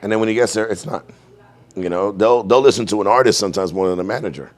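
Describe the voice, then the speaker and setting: A male manager co-hosts a podcast, speaking quickly in a fairly low voice. He drives his points home by repeating key words. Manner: emphatic, repeats words for emphasis. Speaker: artist manager, podcast host. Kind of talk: casual podcast conversation.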